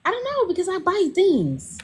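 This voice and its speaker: A woman's voice: very high-pitched, wildly swooping pitch, moderate pace, darkish tone. A woman guest chatting casually, rambling and scattered. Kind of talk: casual chat.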